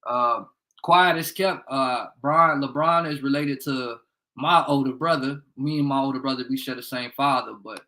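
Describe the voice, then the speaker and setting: A man's voice: mid-range voice, moderate pace, bright, forceful tone, poor audio. A young man from Indiana hosting a casual livestream from a bedroom at home, rambling, swearing freely and calling out viewers by name. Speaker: livestream host. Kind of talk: casual live-stream chat.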